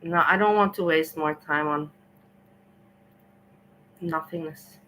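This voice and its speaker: A woman's voice: low-pitched, steady tone, slow, fairly bright tone, slight background noise, low-quality recording. A woman hosting a livestream, ranting indignantly and scolding someone over and over. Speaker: livestream host.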